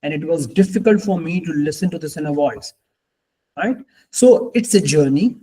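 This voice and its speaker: A man speaks at a somewhat raised pitch on a group coaching call. He is reflective and earnest, and he circles back on phrases to stress them. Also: lively intonation, moderate pace, mellow, husky, poor audio. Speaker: life coach.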